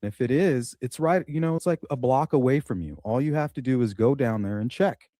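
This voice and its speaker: Man retelling a story, dark voice. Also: medium pitch, a little fast, dry recording, clean studio sound. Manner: animated retelling, acts out dialogue. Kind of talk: casual storytelling.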